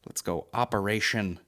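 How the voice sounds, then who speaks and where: A man's voice: fairly low pitch, bright, forceful tone. A man with a Northern Irish accent hosting a comedy podcast, telling sweary, rambling stories and slipping into put-on voices. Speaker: podcast host. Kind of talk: casual comedy monologue.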